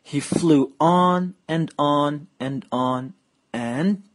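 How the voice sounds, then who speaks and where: A woman reading a children's picture book aloud in a slow, playful, exaggerated way. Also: low-pitched. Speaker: storyteller.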